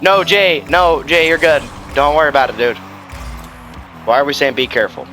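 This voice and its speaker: A man streaming ranked gameplay, commenting live and trash-talking with sudden shouts. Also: fairly high pitch, normal speed, faint music behind.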